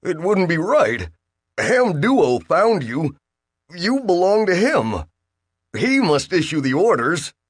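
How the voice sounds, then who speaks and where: A man doing a jittery high-voiced young hero. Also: sing-song, slow, slightly rough, no echo, studio quality, heavily acted. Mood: anxious. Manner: high, anxious, pleading.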